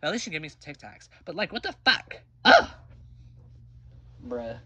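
Husky, rambling ostrich puppet, as a performer puts it on. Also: mid-range voice, huge pitch swings, normal speed, bright, forceful tone, muffled recording, heavily acted. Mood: fed up. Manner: rambling, crude, joking. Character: bumbling ostrich puppet, casual and crude. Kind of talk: comedic puppet-show acting.

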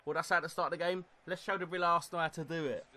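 A young man commentating live on his football video game, ranting, swearing and shouting angrily at the players. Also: a little high, steady tone, fast. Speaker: gaming YouTuber. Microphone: desktop USB microphone.

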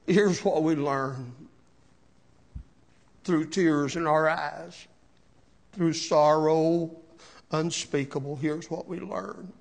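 A man preaching a sermon as pastor, slow and emotional, with rising shouted cries and repeated words. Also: on the high side, fairly even intonation, creaky. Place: church sanctuary.

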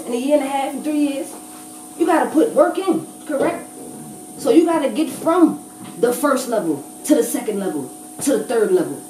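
A woman's voice: high voice, warm tone. A woman battle rapper speaking in a blunt, profane, emphatic way during a casual interview. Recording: echoey room, distant mic, noisy.

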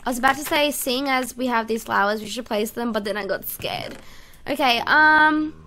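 A high-voiced woman with a bright, sharp tone narrates her game in chatty, excitable commentary. She talks to herself and her viewers as she goes. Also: moderate pace, a little hiss or hum. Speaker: gaming YouTuber. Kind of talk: casual let's-play commentary.

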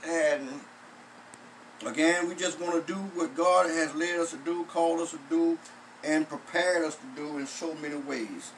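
A man's voice: a little high, steady tone, far from the mic, a little hiss or hum, low-quality recording. A man, a pastor, preaching a sermon, repeating phrases and stretching out words for emphasis. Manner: repetitive emphatic preaching, drawn-out stresses.

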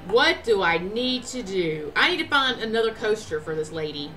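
A woman playing a video game and commenting in a chatty, excitable way, often talking to the characters. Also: medium pitch, normal speed, few pauses, soft background music. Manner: chatty, excitable, talks to her game cat. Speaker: let's play gamer. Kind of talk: let's play commentary.

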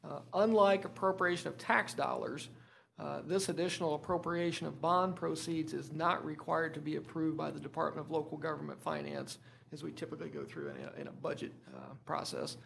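Man, very gravelly and creaky voice, fairly high pitch, losing his voice, hesitant with lots of filler words and restarts, school board presentation, faint background hum. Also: steady tone, fairly quick, fairly bright tone. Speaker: school superintendent. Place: meeting room.

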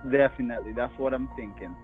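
A man's voice: mid-range voice, quick pace, narrow, tinny audio, soft background music. A man on a call who keeps repeating endearments and exclamations. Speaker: scammer on a call.

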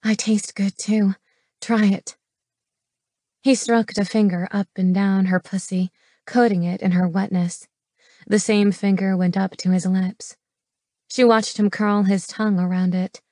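A woman reads a romance audiobook in an even, mid-pitched voice. Her delivery is measured and intimate. The close studio recording is dry, with no room around it. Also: no room sound. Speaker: audiobook narrator. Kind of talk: scripted romance audiobook narration.

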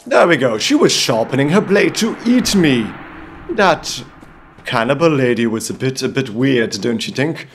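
A man's voice: medium pitch, lively intonation, moderate pace, slight background noise. A man from Belgium doing in-character gameplay commentary, theatrical and playfully gallant, with comic outbursts. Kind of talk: in-character let's-play commentary.

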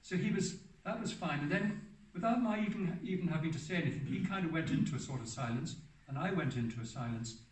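A man's voice: fairly high pitch, lively intonation, quick pace, few pauses. Seventies man, hermit telling stories to a gathering, meandering and self-correcting, heard from a distance. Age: 70s. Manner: rambling, often restarts and corrects himself. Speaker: hermit giving a public talk. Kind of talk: anecdotal storytelling talk. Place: hall for a public talk. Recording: roomy sound from a distant mic.

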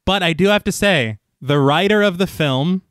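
A man with a slightly high voice co-hosts a casual podcast and talks through his opinions. He laughs readily and drags out his words when he is being careful. The recording is dry and close. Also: a bit bright, dry recording. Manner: laughs while making points, then slows down to weigh them. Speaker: podcast co-host. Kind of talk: casual chat.

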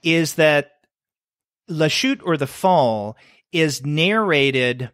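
A man's voice: a little high, expressive, very slow, fairly bright tone, dry recording, studio quality. A middle-aged man co-hosting a podcast, chatting casually and thinking aloud with fillers and restarts. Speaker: podcast co-host. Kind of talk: casual comics review chat.

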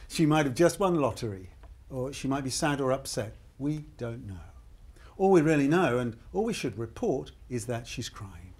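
An actor playing an upbeat game show host in a scripted training video, speaking. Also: male voice, mid-range voice, expressive, normal speed, darkish tone, breathy edge. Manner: upbeat, emphatic presenter.

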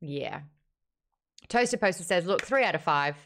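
A woman's voice: lowish voice, expressive, moderate pace, fairly bright tone, slight background noise. A woman hosting a casual online book chat, reviewing a novel candidly and reading out viewer comments, with wry remarks and frequent laughs.

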